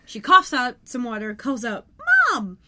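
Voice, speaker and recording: A woman co-hosting a podcast, chatting casually as she recaps scenes of a TV episode with quick asides. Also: a little high, lively intonation. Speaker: podcast co-host.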